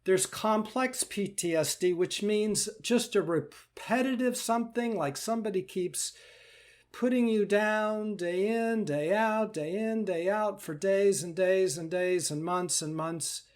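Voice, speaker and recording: In a live Q&A, a high-pitched, unhurried meditation teacher offers gentle reassurance, frequently repeating his phrases.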